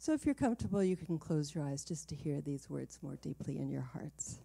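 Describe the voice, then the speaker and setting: A woman's voice: deep voice, expressive, a little fast, vocal fry, hardly any pauses, slightly rough. A woman minister opening a livestreamed church service, chatty and laughing easily. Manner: chatty and warm-hearted, laughs easily, light fillers. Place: small home worship space.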